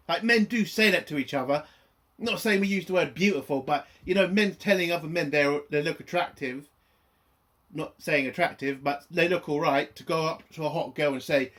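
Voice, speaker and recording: Guy ranting about a tv episode, swears a lot, kinda high voice. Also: lively intonation, normal speed, fairly bright tone. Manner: profane, exasperated, rambling rant. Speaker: TV reviewer. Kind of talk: ranting video review.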